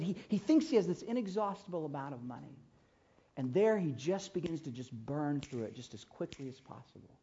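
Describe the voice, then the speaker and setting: Male preacher, storytelling sermon, husky and a bit high, emphatic with loud-soft swings, dull muffled recording.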